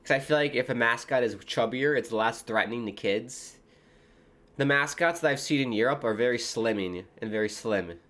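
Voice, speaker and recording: A man's voice: medium pitch, normal speed, fairly bright tone. A man from the United States hosting a live football watchalong, giving casual commentary that drifts into rambling side chats. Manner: chatty and rambling, jumping between match calls and tangents. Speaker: livestream host.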